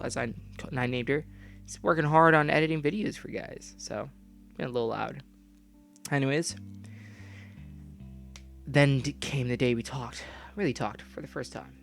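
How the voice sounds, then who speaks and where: A young man reading a game story aloud and breaking off into profane, loud comments. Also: mid-range voice, gravelly. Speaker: gamer reading a visual novel aloud.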